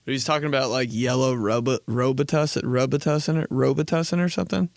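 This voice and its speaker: A young man hosting a solo comedy podcast, animated and swearing freely as he acts out little scenes in other voices. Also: medium pitch, fast talker, creaky, no echo, clean studio sound. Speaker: podcast host.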